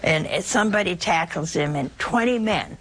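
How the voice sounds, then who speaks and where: A woman's voice: fairly low pitch, animated, normal speed, a bit bright. A woman preaching a sermon in a folksy, humorous way, speaking directly to her listeners. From Italian family background.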